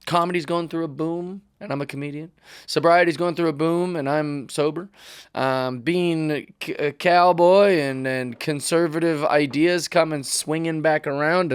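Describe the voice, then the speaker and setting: A man's voice: fairly high pitch, smooth, dry recording. A man, a comedian hosting his own podcast, talks in a rambling, wry, self-mocking way into a studio mic while wearing headphones. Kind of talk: casual podcast monologue.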